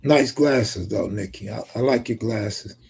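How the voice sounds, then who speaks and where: Brief: gravel-voiced male streamer, dark husky tone, joking, swears freely. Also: fairly low pitch, a little slow. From California. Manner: reads viewer comments aloud and banters back, profane and joking. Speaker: live streamer reading chat. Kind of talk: casual live-stream chat.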